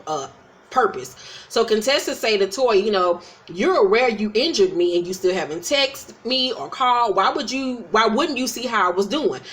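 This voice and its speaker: A sassy woman recaps reality TV in a loose, profane chat, her pitch sitting in the middle range. She keeps slipping into quick put-on voices for the people she quotes. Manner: profane, sassy, acts out cast members' quotes. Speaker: recap host.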